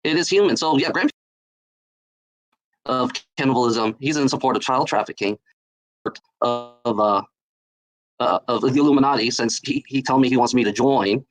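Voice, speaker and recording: A man's voice: mid-range voice, moderate pace, pauses often, poor audio. A man on a livestream, ranting in a mocking, profane, repetitive way.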